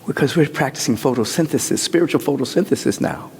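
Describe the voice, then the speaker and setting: A pastor preaching to his congregation, his voice leaping high into near-shouts and sinking into breathy whispers. The tone is a bit husky. A long reverb from the church hall trails each phrase. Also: big pitch swings, moderate pace. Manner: swings from soaring shouts to hushed whispers. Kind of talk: sermon.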